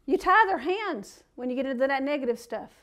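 A woman's voice: high voice, lively intonation, brisk, a bit bright. A woman preaching a sermon, reading scripture aloud and breaking off into folksy, plain-spoken asides.

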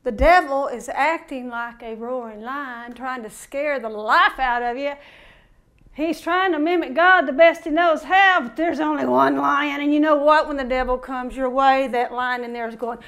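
A woman giving an informal recorded sermon, impassioned and building from quiet reflection to fervent exhortation. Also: sits high, moderate pace. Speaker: preacher.

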